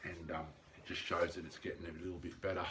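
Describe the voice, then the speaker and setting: A low-pitched Australian man in middle age talks through his daily video diary in a loose, earnest way, full of ums and the odd blunt curse. The home recording carries steady background noise behind his voice. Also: quick pace. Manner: rambling and earnest, many ums, blunt and sweary. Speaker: vlogger keeping a lockdown diary.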